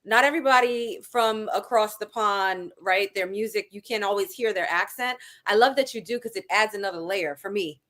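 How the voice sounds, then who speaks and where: A woman's voice: mid-range voice, normal speed, few pauses, a bit bright. A woman co-hosting a radio show, enthusiastic and asking long questions. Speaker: radio co-host. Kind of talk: casual interview chat.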